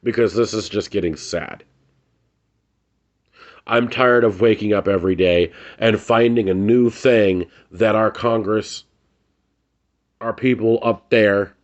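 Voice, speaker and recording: A man with a low-pitched voice delivers a heated, profane rant straight to camera, hammering his points by repeating phrases. The sound is dull and lo-fi. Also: a little slow, pauses often. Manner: angry, blunt and profane, repeats phrases for emphasis. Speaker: vlogger. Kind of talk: heated ranting commentary to camera.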